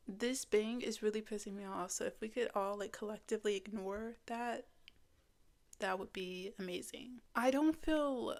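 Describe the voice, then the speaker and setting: A teenage girl sits down to talk to camera in a loose, unscripted way. She rambles and restarts her sentences, swears freely, and speaks candidly at a middling pitch. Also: normal speed, darkish tone. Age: teens. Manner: slips into a mocking whisper when quoting her inner critic. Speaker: vlogger. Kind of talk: casual sit-down talking video.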